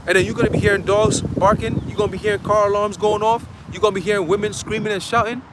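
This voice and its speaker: A man's voice: sits high, steady tone, fast, noisy background. A man preaching a dramatic, slangy sermon outdoors in a city, often checking in with his listeners. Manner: emphatic, checks in with "okay?". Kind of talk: street sermon.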